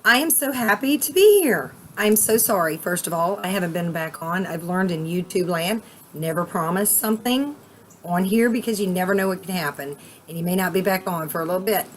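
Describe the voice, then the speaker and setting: A woman vlogging casually outdoors at a cabin, chatty and excitable, rambling with fillers. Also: fairly low pitch, fairly quick. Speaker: vape vlogger. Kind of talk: casual vlog chat.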